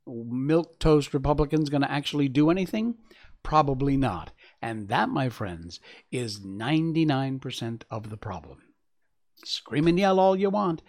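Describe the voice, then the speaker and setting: A man hosting opinionated political news commentary, combative and sarcastic, reading headlines and dropping into low asides.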